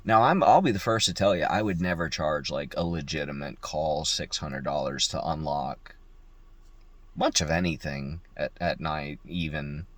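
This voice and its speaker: A man's voice: a bass voice, normal speed, no echo. A young man, a locksmith, telling a work story in a casual, profane way and mimicking the people in it. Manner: profane, animated, mimics voices in quotes.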